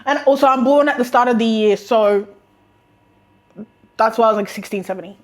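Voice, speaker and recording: A young woman with an Australian accent telling a casual storytime, animated and sarcastic, often breaking into laughter. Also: on the high side, brisk. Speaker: vlogger.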